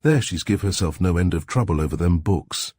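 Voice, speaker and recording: A man's voice: low voice, expressive, a little fast, darkish tone, dry recording, studio quality. A man reading the part of a loyal older housekeeper who answers stiffly and deferentially.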